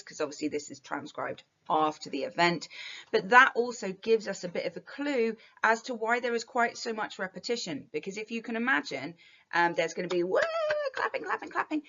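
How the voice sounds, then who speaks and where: A woman's voice: mid-range voice, a bit bright, highs cut off. A British woman teaching an English lesson, chatty, with lots of fillers, analysing a text for revision.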